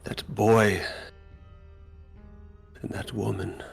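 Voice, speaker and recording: A man voicing a brooding vampire lord sliding into madness, halting and muttering. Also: on the low side, flat delivery, creaky, soft background music, pitched above the performer's own voice, heavily acted.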